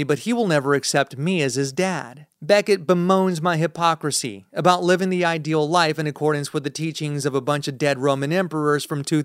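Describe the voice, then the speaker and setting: A man reading a first-person thriller as an audiobook narrator, in a measured, tense storytelling manner. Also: a little high, smooth, dry recording, studio quality.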